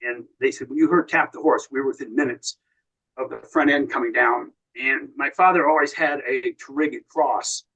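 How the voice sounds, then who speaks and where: An American man tells long, winding stories as a podcast guest. His voice sits at a plain, middle pitch. He keeps slipping into quoted lines from other people as he goes. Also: normal speed, bright, forceful tone, slightly rough, muffled recording. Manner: long anecdotal storytelling, quoting others. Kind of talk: casual storytelling.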